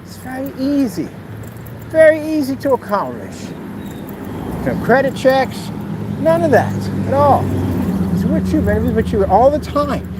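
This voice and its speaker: A man's voice: very high voice, big pitch swings, unhurried, long pauses. Man taunting on a walk, traffic behind. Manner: mocking, taunting, playful. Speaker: vlogger. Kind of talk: casual walking monologue. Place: outdoors by a street, walking. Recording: outdoor traffic noise.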